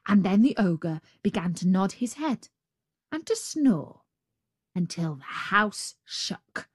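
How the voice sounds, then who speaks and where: A woman reading a fairy tale aloud as a storyteller, in an expressive, drawn-out way. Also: mid-range voice, no echo, clean studio sound.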